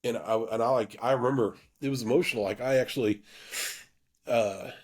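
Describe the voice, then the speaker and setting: A man of middle pitch tells his own story to the camera in an earnest, open way. His delivery is halting, with frequent restarts, repeated words and fillers. He sounds like he is talking through something personal rather than reading a script. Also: breathy edge. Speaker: YouTube channel host.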